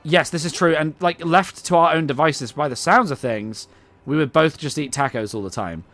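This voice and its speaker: A man's voice: fairly high pitch, moderate pace, a bit bright, faint music behind. A young man with an English accent hosting a casual co-op gaming stream, rambling and joking about himself with lots of ums. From England. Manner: rambling, self-mocking, many ums. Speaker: let's-play host.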